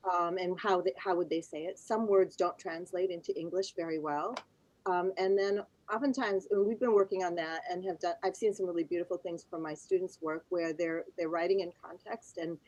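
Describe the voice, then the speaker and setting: A woman's voice: on the low side, fairly even intonation, fairly quick, darkish tone, dull audio. A woman writer and teacher on a literary panel, speaking thoughtfully and searching for words as she goes. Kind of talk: panel discussion.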